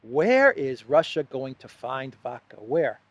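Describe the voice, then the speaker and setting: A man's voice: medium pitch, sing-song, takes it slowly, dry recording, highs cut off. A man hosting solo political commentary, talking sarcastically with mock enthusiasm and repeated phrases. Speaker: host of a news commentary channel.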